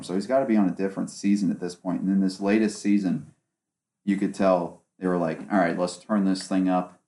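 A man's voice: sits low, warm tone. Sarcastic man ranting on a podcast. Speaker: podcast host. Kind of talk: solo casual podcast talk. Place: small home studio. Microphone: one omnidirectional microphone.

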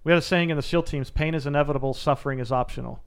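A man's voice: fairly high pitch, racing, vocal fry, smooth. A man, a former soldier turned mental coach, answering interview questions in an earnest, emphatic coaching manner. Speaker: guest, former Navy SEAL and mental coach.

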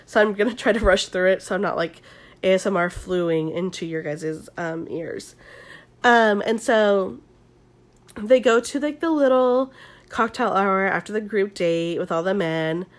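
A woman's voice: mid-range voice, a little slow. A young woman hosting an ASMR-style recap, talking chattily with lots of fillers and casual swearing. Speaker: podcast host recapping a reality show.

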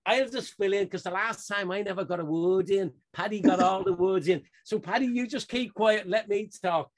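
Lively man telling sports stories. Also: high-pitched, moderate pace, hardly any pauses. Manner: animated storyteller, laughs often, acts out quotes. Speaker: podcast co-host. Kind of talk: casual banter among friends.

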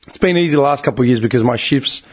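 A man's voice: medium pitch, very fast, slightly rough. A young Australian man telling a long, profane and exasperated story in casual talk, his voice getting tired and strained. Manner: profane, exasperated storytelling with bursts of animated outrage. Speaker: group chat regular.

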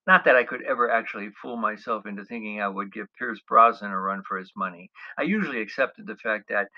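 A middle-aged American man with a lowish voice briskly tells a comic personal travel story. He mocks himself wryly and chuckles in asides. The recording sounds dull and lo-fi.

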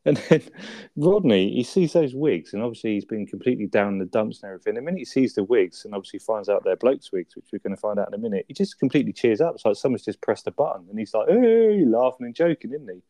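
A man's voice: on the low side, animated, fast, mellow, no room sound. A man in a casual chat about a sitcom episode, laughing often, swearing and quoting the characters. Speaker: podcast co-host.

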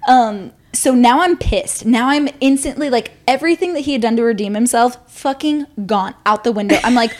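A woman's voice: on the high side, animated, moderate pace. A young woman co-hosting a podcast, telling a story casually, swearing freely and acting out what people said. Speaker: podcast co-host.

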